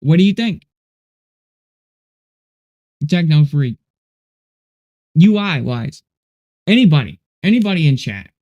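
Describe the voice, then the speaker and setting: Male streamer, relaxed and rambling, mellow low-key voice, chats to his viewers while he works. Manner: rambling, laid-back, says dude and you know a lot. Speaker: livestream host. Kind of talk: casual livestream chat while coding.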